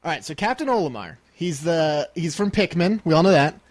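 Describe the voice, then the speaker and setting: A young man co-hosting a podcast, chatting casually and playfully, cracking jokes and clearing his throat now and then. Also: fairly high pitch, expressive, fairly quick, dry recording. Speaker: podcast co-host.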